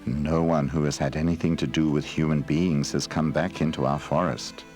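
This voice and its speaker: A man voicing an ancient sorrowful tree in a storybook game, speaking quietly and slowly. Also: extremely low pitch, fairly even intonation, soft background music.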